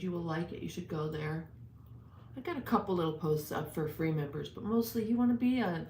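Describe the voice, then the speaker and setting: A woman's voice: sits low, a little mellow. A woman casually chatting with viewers as a livestream host, greeting them and promoting her page. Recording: echoey room with faint noise.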